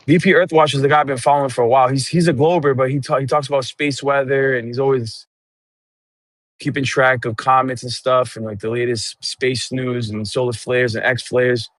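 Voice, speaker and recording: A man's voice: mid-range voice, steady tone, a little fast, a bit bright, dry recording. A man chatting casually on a voice call, rambling in loose slang. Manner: rambling, loose, slangy, says bro and dude a lot.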